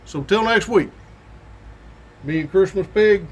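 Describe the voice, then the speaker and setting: A man's voice: high voice, unhurried, slightly rough, lo-fi sound. A middle-aged man, a police sergeant, telling stories in a folksy, drawling way and chuckling as he goes. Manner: folksy, drawling, laughs through his stories. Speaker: state police sergeant hosting a weekly show. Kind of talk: casual storytelling monologue.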